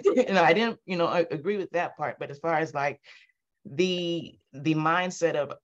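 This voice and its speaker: Woman speaking softly on a muffled line. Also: sits low. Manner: soft and halting, emotional. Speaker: team member. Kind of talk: casual group discussion. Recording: dull, muffled audio.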